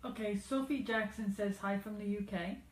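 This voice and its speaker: A woman's voice: mid-range voice, steady tone, normal speed, echoey room, low-quality recording. A woman co-hosting a live stream, reading out viewer comments in a casual, giggly way.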